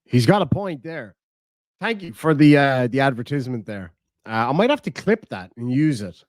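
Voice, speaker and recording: A man's voice: medium pitch, big pitch swings, moderate pace, no echo, clean studio sound. An Irish man hosting a live stream, mocking a rival with profane, jokey banter. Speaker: live-stream host reacting to clips. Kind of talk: casual live-stream commentary.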